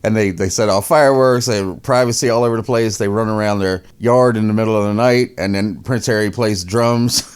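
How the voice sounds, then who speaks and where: A man with a somewhat low voice hosts a casual commentary podcast. He mocks his subject with a sarcastic edge, laughs often and repeats his words as he talks. His delivery is loose and conversational. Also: clear, resonant tone.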